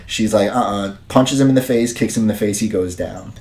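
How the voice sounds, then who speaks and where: Rambling man recapping in a low voice. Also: fairly quick, a little mellow. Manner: rambling, many fillers and restarts, amused. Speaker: podcast host reviewing wrestling. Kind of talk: casual recap and review. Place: dim room at home.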